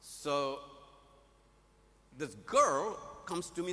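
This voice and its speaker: A man's voice: on the high side, expressive, moderate pace, sharp tone. An older man preaching a sermon, telling a personal story with acted-out dialogue and playful asides. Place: large conference hall. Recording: long hall reverb.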